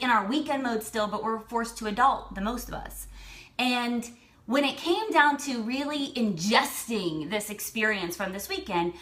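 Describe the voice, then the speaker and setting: A woman in her thirties, a lifestyle and fertility coach, tells her viewers a personal story with a fairly high voice. She's animated and chatty, saying "like" a lot.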